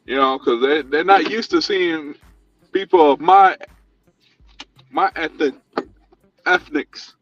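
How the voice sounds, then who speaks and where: A man's voice: on the high side, takes it slowly, pauses often, fairly bright tone, lo-fi sound. Easygoing man bantering about deliveries. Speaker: fellow delivery driver. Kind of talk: casual chat.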